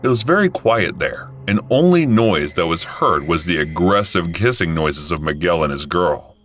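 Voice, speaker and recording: A man in his thirties narrating a first-person story in a casual, animated way. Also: low-pitched, normal speed. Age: 30s.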